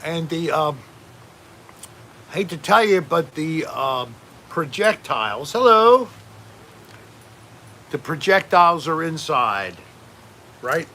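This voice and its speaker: A man's voice: fairly high pitch, expressive, slow, pauses often, sharp tone, slight background noise. A man hosting a casual home livestream, rambling and joking while reading out chat names. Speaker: livestream host.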